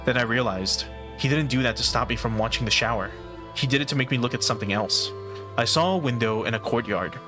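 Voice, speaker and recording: A man reads visual novel text aloud while streaming a game at home, keeping a steady first-person narration and stumbling now and then. Loud game music plays behind his voice, which sits at a medium pitch. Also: rough recording.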